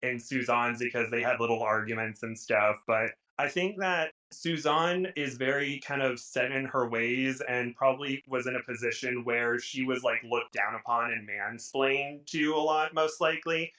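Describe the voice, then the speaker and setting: Bright-voiced podcast co-host. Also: mid-range voice, steady tone, normal speed, few pauses, rough recording. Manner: thoughtful, hedging, with many likes and restarts. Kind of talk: casual podcast chat.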